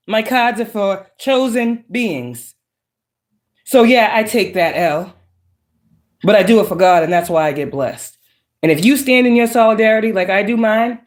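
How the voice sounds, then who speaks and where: A woman giving a profane, emphatic, preachy casual monologue as a psychic tarot reader. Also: on the high side. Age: adult with children.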